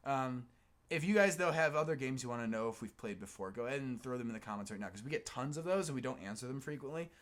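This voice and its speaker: A man's voice: mid-range voice, animated, quick pace, a bit bright. A man co-hosting a casual live-stream chat, talking loosely and thinking aloud with plenty of fillers.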